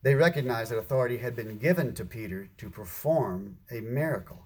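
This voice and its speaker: Male preacher, husky tone, mid-range pitch, earnest sermon delivery. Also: expressive, fairly quick. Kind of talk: sermon reading and explaining scripture.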